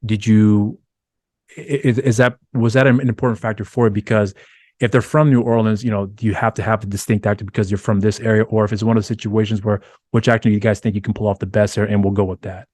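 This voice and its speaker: A man's voice: on the low side, flat delivery, fast talker, darkish tone, no echo. A male interviewer asking long, rambling questions in a casual conversation.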